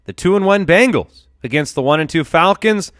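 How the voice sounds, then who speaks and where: A man hosting a sports podcast in casual chat, reading sponsor spots in quick upbeat bursts. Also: a little high, lively intonation, a bit bright, no room sound, studio quality. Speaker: podcast host.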